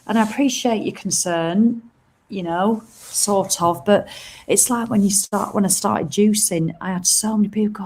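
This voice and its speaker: A woman's voice: medium pitch, a little fast, a little mellow. A middle-aged woman, chatting casually and bluntly to viewers on a live stream from outdoors. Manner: chatty, rambling, blunt and frank, with mild swearing. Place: outdoors by a seaside promenade.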